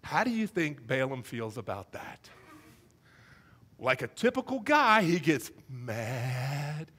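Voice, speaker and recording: Man preaching, animated storyteller, high voice, very lively pitch, acts out voices. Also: measured pace. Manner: animated storytelling, acting out voices for comic effect. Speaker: pastor. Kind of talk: sermon.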